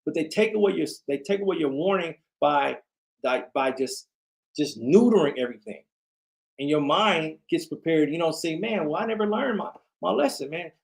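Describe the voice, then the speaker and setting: A tired man hosting a late-night livestream, ranting in a rambling, repetitive way and talking to his chat. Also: a little high. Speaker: livestream host.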